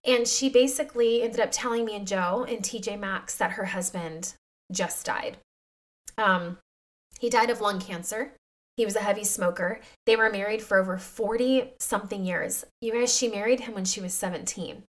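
Speaking at a moderate pace in a medium-pitched voice, a woman in her thirties opens up to listeners of her faith-based podcast. As host, she shares heartfelt thoughts in a confiding, emotional manner.

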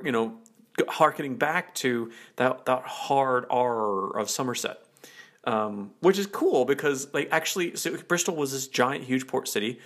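A man's voice: medium pitch, a bit bright. Chatty man explaining casually. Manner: chatty, explaining with many fillers. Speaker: co-host. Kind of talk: casual chat explaining culture.

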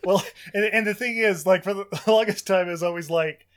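A man on a podcast retelling a film plot in an animated way, acting out lines as he goes. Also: high-pitched, brisk. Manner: animated storyteller, acts out quotes. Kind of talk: casual chat.

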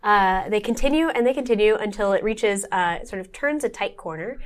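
A woman's voice: medium pitch, lively intonation, moderate pace. A woman narrating a tabletop horror game as game master, meandering with many fillers. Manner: meandering, lots of fillers and restarts.

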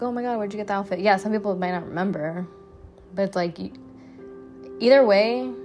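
Blunt, profane young woman podcaster. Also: lowish voice. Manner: blunt, profane, chatty with frequent "like" fillers. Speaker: podcast host. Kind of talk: casual solo podcast monologue.

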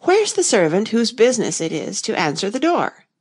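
A woman's voice: mid-range voice, very animated, normal speed, darkish tone. A woman voicing an impatient, puzzled young girl in a raised, girlish voice.

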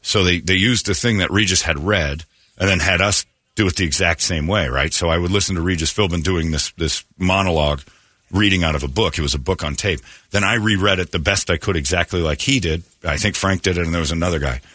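A man hosting a morning radio show, telling stories in casual banter and slipping into quick impressions. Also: low voice, dry recording. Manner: storytelling, animated, slips into impressions.

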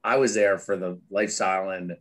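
A middle-aged man speaks candidly as an interview guest, his voice sitting a little low. He stumbles through restarts and fillers, then picks up into animated storytelling. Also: brisk. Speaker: guest, author and former Wall Street trader.

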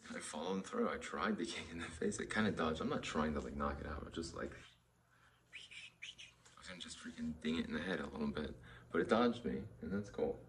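A man's voice: extremely low pitch, fairly quick, slight background noise. A man hosting a casual podcast, rambling and swearing as he rants and tells a story. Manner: profane, rambling, worked-up ranting. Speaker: podcast host. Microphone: studio monitors and headphones.

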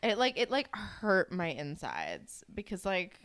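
A young woman co-hosting a podcast, reacting to a TV episode in casual chat with an expressive, venting manner. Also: medium pitch, dry recording. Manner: expressive, reactive, quick to swear and vent. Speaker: podcast co-host.

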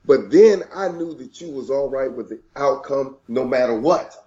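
A man's voice: medium pitch, moderate pace, dark tone, lo-fi sound. A man earnestly speaking to listeners about faith in a casual talk. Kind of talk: casual chat.

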